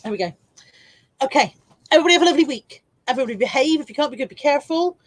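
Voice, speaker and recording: A woman's voice: expressive, racing, poor audio. A woman hosting a casual live stream from home, reading viewer comments aloud and laughing easily. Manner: high baby-talk voice to her dog.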